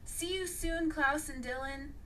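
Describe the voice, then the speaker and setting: A woman's voice: high-pitched, unhurried, a bit bright, slight background noise. A woman reading the part of a friendly alien boy visiting from another planet in a storybook.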